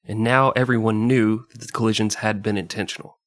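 A man's voice: on the low side, flat delivery, a little fast, no room sound. A man hosting a casual podcast, reading historical passages aloud and laughing often between them. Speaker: podcast host.

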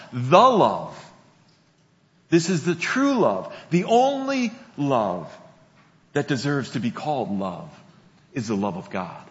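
A male pastor preaching a sermon, slow and deliberate, repeating key phrases for emphasis. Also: on the high side. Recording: dull lo-fi sound with long hall reverb.

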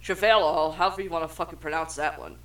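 Young adult co-host, slow and bright, reads trivia with cursing and stumbles. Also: medium pitch, animated. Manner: profane, stumbles over words while reading. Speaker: podcast co-host reading trivia. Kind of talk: casual chat reading film trivia aloud.

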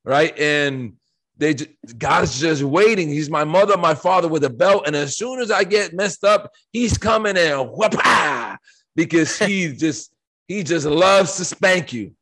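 A man's voice: fairly high pitch, a little slow. Emphatic man preaching on a podcast. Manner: animated and emphatic, asks rhetorical questions, quotes scripture. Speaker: podcast co-host. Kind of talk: preaching-style faith discussion.

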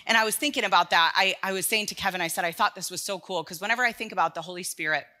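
Preaching in a church sermon series, a woman speaks to her congregation in an earnest, conversational way, often restarting phrases. Her lowish voice races along with a sharp tone.

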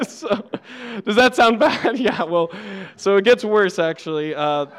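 A man's voice: high-pitched, takes it slowly, some chatter behind. A young man preaching a sermon, telling a funny childhood story and laughing often at himself before turning to scripture. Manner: playful, laughs often, self-deprecating. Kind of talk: sermon with personal stories. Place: church.

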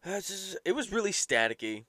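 A man's voice: high voice, sing-song, brisk, sharp tone. A young man ranting casually and profanely as a podcast host, exasperated and swearing often. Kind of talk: casual rambling rant.

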